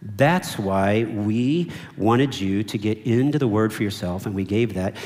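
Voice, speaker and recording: A man's voice: fairly low pitch, unhurried, a little mellow. A man preaching a sermon as pastor, emphatic and repeating key phrases, drawing the congregation in. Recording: long reverb of a large hall.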